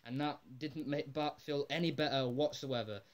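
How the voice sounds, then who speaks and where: A man's voice: medium pitch, moderate pace. Rambling man recapping an episode. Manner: rambling and excitable, full of "like" and casual swearing. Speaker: episode reviewer. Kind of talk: casual spoken episode recap.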